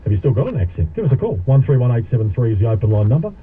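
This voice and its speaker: Brief: male talk radio host, matey, mid pitch, tinny broadcast. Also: sing-song, racing, slightly rough. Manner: chatty, matey, casual Australian radio banter.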